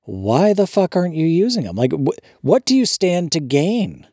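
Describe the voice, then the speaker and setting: A man's voice: a little high, sing-song, moderate pace, mellow, breathy edge, no room sound, clean studio sound. A man co-hosting a podcast in casual chat, ranting with disbelief and swearing freely. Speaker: podcast co-host.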